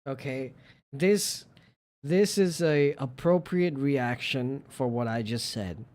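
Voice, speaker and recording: Slow-talking playful male streamer. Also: darkish tone. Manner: gushing and playful, jumps into squeaky high exclamations. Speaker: live streamer. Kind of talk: casual stream chat reacting to viewer pictures.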